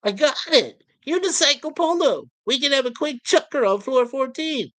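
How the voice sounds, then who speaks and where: A woman reading aloud the lines of an excitable, vain cat-man, in an upbeat voice. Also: sits high, moderate pace, pitched above the performer's own voice. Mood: excited.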